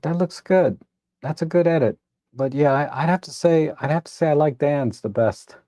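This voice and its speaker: A man hosting a live photo editing stream, reviewing viewers' edits in a relaxed, rambling way with many restarts. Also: on the high side, normal speed, dry recording, clean studio sound. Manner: relaxed, rambling, self-correcting with frequent restarts; tired, admits yawning. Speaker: photo editing livestream host. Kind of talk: casual live commentary.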